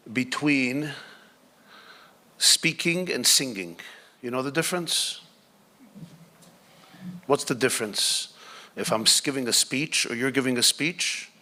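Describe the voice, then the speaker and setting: A man's voice: medium pitch, bright, forceful tone. A man, a rabbi, giving a conversational Torah class, asking the audience questions and adding joking asides. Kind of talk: Torah class talk to a live group.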